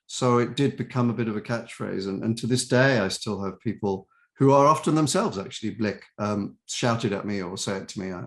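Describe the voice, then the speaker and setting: An older actor, interviewed as a guest, tells chatty, animated anecdotes in a lowish voice, now and then imitating other people's voices.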